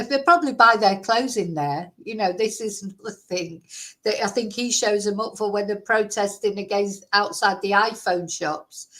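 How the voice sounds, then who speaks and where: A woman's voice: mid-range voice, fairly bright tone. A middle-aged woman from England, casually reacting to a video in rambling, exasperated commentary full of fillers.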